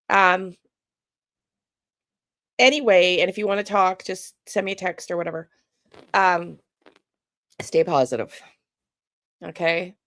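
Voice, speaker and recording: Woman, livestream host, casual chat, medium pitch, dry close sound. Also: a bit bright, no echo. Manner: chatty, laughs often, greets viewers by name. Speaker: true crime livestream host.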